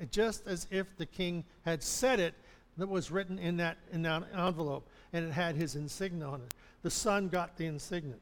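A man preaching a sermon, retelling a parable and acting out the characters' complaints with frequent chuckles. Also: sits high. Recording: long hall reverb.

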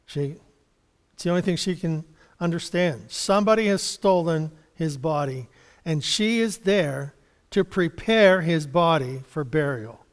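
Man preacher, higher voice, loose and halting sermon delivery with small chuckles and restarts, long reverb from a church hall. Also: expressive. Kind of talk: sermon Bible study.

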